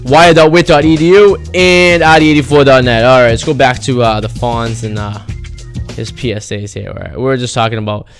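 A man's voice: mid-range voice, steady tone, a little fast, faint music behind. A young man hosting a college radio show from a campus studio, joking and rambling between clips. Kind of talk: casual radio chat. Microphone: studio mic.

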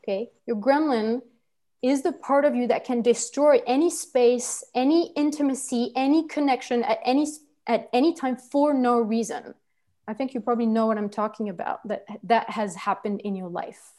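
A woman's voice: fairly high pitch, normal speed, warm tone. A woman leading a personal-growth workshop, speaking earnestly and searching for words, with fillers and restarts. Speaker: workshop facilitator. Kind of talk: teaching talk on personal growth.

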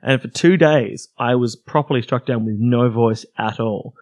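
A man's voice: mid-range voice, moderate pace, darkish tone, muffled recording. An Australian man in his thirties, co-hosting a casual chat and telling wry, self-deprecating stories. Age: 30s. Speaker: podcast co-host.

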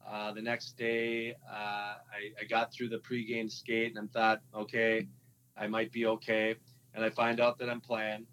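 A man, a former hockey player, telling his story in a relaxed interview, halting with many fillers and restarts, with a Minnesotan accent. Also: on the low side, a little hiss or hum, poor audio.

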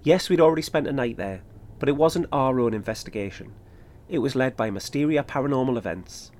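A man, calmly narrating his own trip in a scripted podcast. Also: medium pitch, a little fast. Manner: steady, matter-of-fact storytelling. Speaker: podcast host. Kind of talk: scripted first-person narration.

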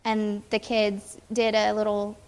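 Young woman presenting haltingly in flat tones, echoey hall. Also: mid-range voice. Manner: hesitant, many ums. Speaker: mission trip speaker. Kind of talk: church presentation talk.

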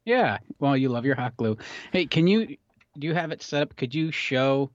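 A man's voice: medium pitch, animated, normal speed, no room sound, muffled recording. A man co-hosting a podcast from a makeshift basement booth, chatting casually and trailing off into fillers. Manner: rambling, laid-back, trails off with fillers. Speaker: podcast co-host. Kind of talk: casual chat.

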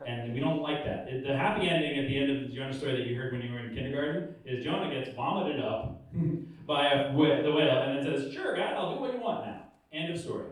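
Animated man preaching in an echoey room. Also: medium pitch, fast. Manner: animated, humorous storytelling with acted-out quotes. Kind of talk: casual preaching talk. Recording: echoey room, far from the mic.

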